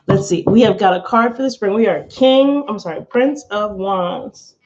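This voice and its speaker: A woman's voice: medium pitch, normal speed, a little mellow. Giggly woman doing a live tarot stream. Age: adult, not under eighteen. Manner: chatty, giggly, rambling. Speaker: tarot reader. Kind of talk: casual live-stream chat. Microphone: webcam or phone, camera from below. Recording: slightly dull lo-fi stream audio.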